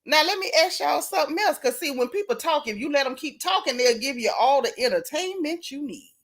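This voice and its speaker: Animated woman dishing gossip. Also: sits high, brisk. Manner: animated, reads chat comments aloud. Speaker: host. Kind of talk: casual gossip livestream.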